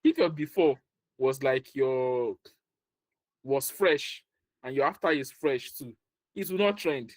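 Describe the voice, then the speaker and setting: A man's voice: mid-range voice, takes it slowly, pauses often, no room sound. A man giving a motivational career talk, repeating his points, laughing often and acting out the people he quotes. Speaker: career workshop speaker.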